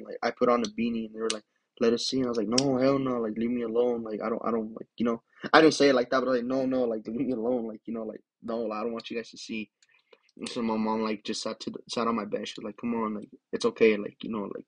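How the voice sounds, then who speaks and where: A man's voice: medium pitch, breathy edge. Young man rambling through a personal story. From Denver area. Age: young adult. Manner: rambling, fills with "like", swears freely. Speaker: podcast host. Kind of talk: casual storytelling.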